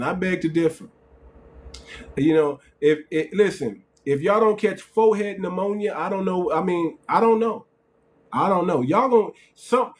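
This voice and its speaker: A man's voice: fairly high pitch, darkish tone, a little hiss or hum. A man hosting a live call-in stream, talking in a mocking, repetitive way and repeating himself often. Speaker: host.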